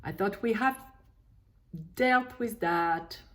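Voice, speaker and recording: A woman leading a guided tapping session, slowly voicing frustration in short repeated phrases while naming tapping points. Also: medium pitch. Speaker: EFT tapping coach.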